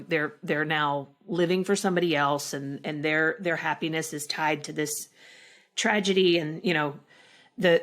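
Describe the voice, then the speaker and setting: A middle-aged actress talking slowly and reflectively as a podcast guest, with halting restarts. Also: female voice, deep voice. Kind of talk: emotional interview conversation.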